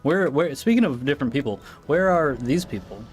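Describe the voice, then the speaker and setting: A man's voice: on the high side, lively intonation, fairly quick, faint music behind. An American man streaming a game live, chatting loosely and answering viewers in asides. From United States. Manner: rambling, reacting to chat with asides. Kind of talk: casual live-stream chat while gaming.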